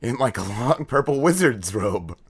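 A man's voice: mid-range voice, sing-song, normal speed, breathy edge. A man co-hosting a podcast, telling a long story in casual chat, rambling and swearing with lots of fillers. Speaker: podcast co-host.

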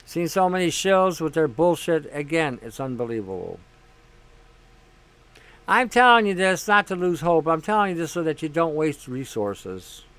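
A man hosts a casual monologue in a high, smooth, clear voice. He talks bluntly, swears freely and leans on sarcasm. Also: very animated, moderate pace, a bit bright. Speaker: host.

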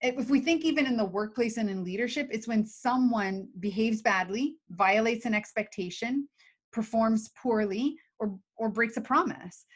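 Brief: woman, higher-pitched, chatty explainer, acts out little scenes. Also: moderate pace. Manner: animated, laughs often, acts out examples. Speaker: podcast co-host teaching emotional skills. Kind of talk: casual conversational explanation.

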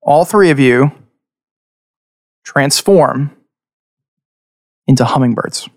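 Quick-talking man running a tabletop game. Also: medium pitch, no room sound, studio quality. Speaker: game master.

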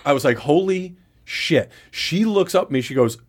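A man's voice: a little high, expressive, fast talker. A man co-hosting a podcast, telling a candid blow-by-blow story in casual chat, with lots of profanity. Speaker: podcast co-host.

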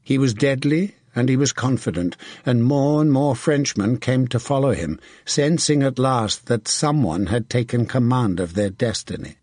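A man narrating a battle scene from an audiobook with steady, vivid storytelling. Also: medium pitch, normal speed, few pauses, slightly rough, dry recording, studio quality. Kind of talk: scripted narration.

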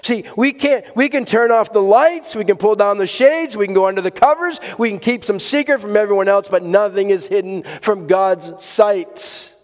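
A man's voice: high voice, moderate pace, hardly any pauses. A man preaching a sermon to a congregation in a church, earnest and emphatic, repeating key words for weight. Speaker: pastor. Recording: long hall reverb.

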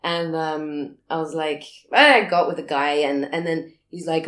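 A woman's voice: low voice, brisk, reverberant. Swearing woman telling a wild story. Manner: swearing, animated, laughs often. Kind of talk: casual storytelling. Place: living in a big city abroad.

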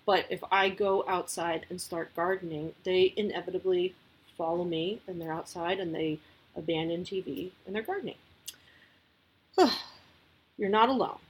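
Chatty breathy mom giving parenting advice. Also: female voice, on the low side, steady tone, moderate pace. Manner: chatty, lots of likes and you-knows. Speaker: parenting podcast host. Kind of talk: casual advice talk.

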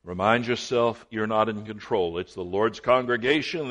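A man preaching a sermon as pastor, telling stories with folksy, dry humor and swinging between loud lines and hushed ones. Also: fairly low pitch, normal speed, dull audio. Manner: shifts from loud to hushed while retelling.

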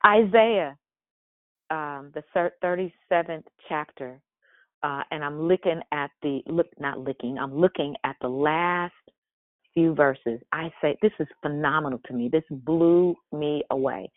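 A woman's voice: sits low, dry recording. A woman hosting a morning leadership devotional, preaching with fervent repeated exhortations and chatty asides where she corrects herself. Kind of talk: preaching sermon. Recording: dry, phone-like line.

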